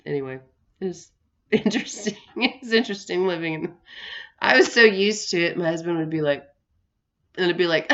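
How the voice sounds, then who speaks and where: A young adult woman tells a story in a loose, chatty way, stopping and restarting her sentences and laughing along the way. Her voice sits a little low for a woman. The recording sounds dull and lo-fi. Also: moderate pace, fairly bright tone. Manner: rambling, many restarts, laughs often. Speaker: vlogger. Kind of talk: casual storytelling vlog.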